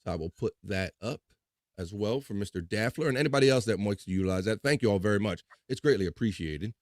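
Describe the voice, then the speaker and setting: A man's voice: on the low side, expressive, quick pace, no room sound, clean studio sound. A man hosting a casual live chat show, reading viewer comments aloud in a loose, upbeat way with playful filler sounds.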